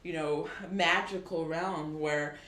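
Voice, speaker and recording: A woman's voice: low-pitched, steady tone, takes it slowly, fairly bright tone. Upbeat woman reading tarot, roomy echo. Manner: upbeat and affirming, reads card meanings aloud. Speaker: tarot reader. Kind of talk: casual tarot reading for viewers.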